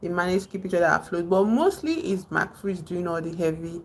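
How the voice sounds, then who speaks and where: Nigerian woman streamer, low gravelly voice, rambling and chatty. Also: expressive, fairly quick, slight background noise. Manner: rambling, retells film scenes, greets chat viewers. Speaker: livestream host. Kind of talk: casual livestream chat.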